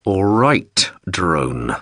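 Man voicing an impatient gruff leader, clipped curt lines, low-ish husky voice, dry audiobook sound. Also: sing-song, fairly quick, no room sound, exaggerated voice. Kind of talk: audiobook character voice.

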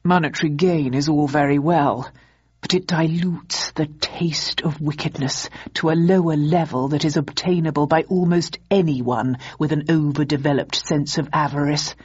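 A low, husky drawl for a smug male mastermind in a storybook reading, as a woman narrator puts him on. He savors every cruel word, slow and theatrical, and the audio is dull and muffled. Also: fairly even intonation, a little mellow, no room sound. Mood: gloating. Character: suave, gleeful male master villain.

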